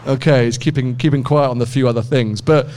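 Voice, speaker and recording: A man's voice: mid-range voice, fairly even intonation, a little fast, darkish tone. A British man hosting a podcast, chatting with car owners, teasing and laughing often. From United Kingdom. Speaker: podcast host. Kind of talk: casual interview at a car meet.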